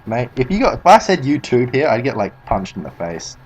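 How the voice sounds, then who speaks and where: A man's voice: medium pitch, very animated, a little fast, slightly rough, low-quality recording. Rambling, cursing Australian man. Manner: rambling, swears a lot, laughs at himself. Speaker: speedrunner streaming. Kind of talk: casual commentary while playing.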